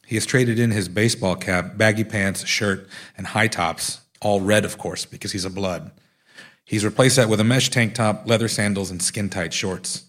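Man, author, reading aloud, wry, husky. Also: on the low side, moderate pace, fairly bright tone. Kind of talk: reading his own nonfiction aloud.

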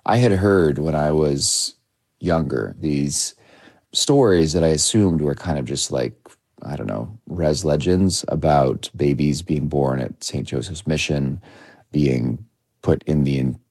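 A man in his thirties, a documentary filmmaker, giving measured, reflective interview answers with frequent restarts. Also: extremely low pitch, a little mellow, no room sound, studio quality. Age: 30s. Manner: measured, with many restarts and hedging fillers.

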